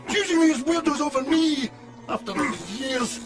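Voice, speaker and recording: An actor voicing an indignant village policeman in an animated film. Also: very high voice, moderate pace, over music. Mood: ranting. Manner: indignant, ranting. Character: resentful ranting village policeman.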